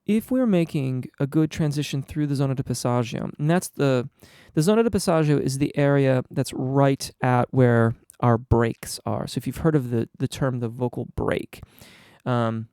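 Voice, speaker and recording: Man with a smooth, gravelly voice. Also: mid-range voice, no echo, studio quality. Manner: relaxed, explanatory, frequent ums and restarts. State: slightly under the weather. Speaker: singing teacher. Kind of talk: live Q&A on voice technique.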